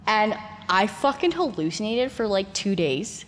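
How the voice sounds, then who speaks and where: A woman's voice: mid-range voice, very animated, unhurried. A woman from Canada in her thirties, telling her story as a guest in casual talk, swearing freely and acting out other people's voices. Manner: swears a lot, laughs often, acts out voices in her story. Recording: echoey room with long reverb and faint noise.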